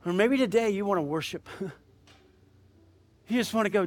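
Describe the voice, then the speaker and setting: High-voiced pastor preaching a sermon. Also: male voice, moderate pace. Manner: animated storytelling, rising intensity, then soft prayer. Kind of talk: sermon with storytelling and altar call.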